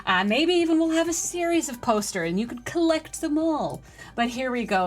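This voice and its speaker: A woman live-streaming a game, chatting with her viewers and getting excitable during play. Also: high-pitched, normal speed, faint music behind. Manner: chatty, excitable, talks to chat. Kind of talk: live-stream gaming chat.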